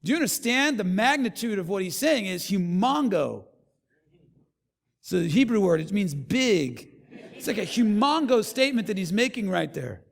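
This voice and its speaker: High gravelly guy preaching, doing all the voices in his stories, big echoey hall. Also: moderate pace. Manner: animated storyteller acting out quotes. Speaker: pastor. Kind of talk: sermon.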